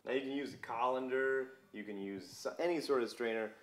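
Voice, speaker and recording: A man's voice: mid-range voice, fairly quick. A young man hosting a casual cooking video in a home kitchen, chatting viewers through each step.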